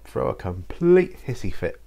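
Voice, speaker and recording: A man's voice: medium pitch, very animated, a little slow, gravelly, mellow. A man hosting his channel, chatting to camera and answering viewer questions in a rambling, hesitant way. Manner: rambling and hesitant, with many fillers and restarts. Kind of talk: casual solo chat to camera.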